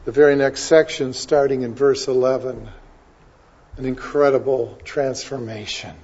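A male pastor preaching a sermon and reading scripture aloud, building to loud, emphatic declaiming. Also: medium pitch, steady tone, moderate pace, breathy edge, highs cut off.

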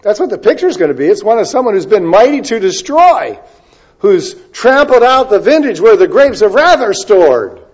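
A man delivers a sermon in a slightly high voice. He swings between loud, stretched-out emphasis and quiet, conversational asides. The recording sounds dull and lo-fi. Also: very animated, breathy edge. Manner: stretches key words slowly for emphasis. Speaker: preacher.

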